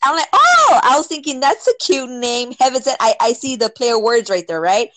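A woman casually telling a personal story, filling it with "like" and "right?" and acting out quotes with sudden jumps in pitch. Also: a little fast, dry recording, rough recording. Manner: filler-heavy, many "like" and "right?".

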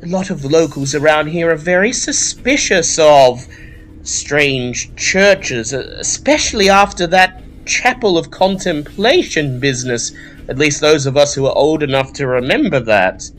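A man's voice: expressive, a little slow, a bit bright, soft background music. A man voicing a stern, dismissive woman librarian in her forties, in a prim, curt voice. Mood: polite. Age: 40s. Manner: prim, curt, high-pitched put-on voice.

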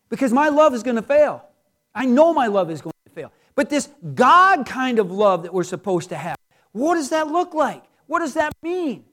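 A man's voice: extremely high pitch, fairly bright tone. A middle-aged man preaching a sermon in a conversational, joking way, with many rhetorical questions. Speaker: pastor.

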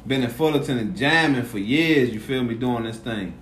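A man with a mid-range voice hosts a casual podcast, chatting at a moderate pace as an animated storyteller who acts out quotes. The room is echoey, with faint background noise.

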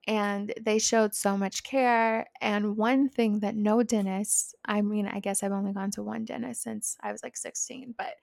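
A woman's voice: fairly high pitch, dry recording, studio quality. Chatty woman in her twenties. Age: 20s. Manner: chatty, animated, lots of "like" fillers. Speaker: vlogger. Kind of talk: casual storytelling.

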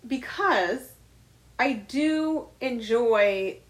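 Woman co-host, middle-aged, candid and blunt, swears casually, pitched a bit high. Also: expressive, extremely slow. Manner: blunt and confessional, swears freely. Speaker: podcast co-host.

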